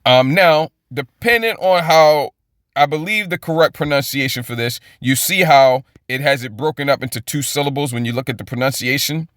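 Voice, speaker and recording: Bright-voiced rambling Bible teacher, man. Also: mid-range voice, normal speed, no echo, clean studio sound. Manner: rambling, repeats words, says okay often. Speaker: preacher.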